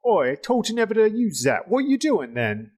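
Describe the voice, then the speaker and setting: A man voicing a gruff stranger in a tabletop game, scolding in a put-on accent that wavers between Cockney and New Zealand. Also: high voice, big pitch swings, a little fast, pitched above the performer's own voice.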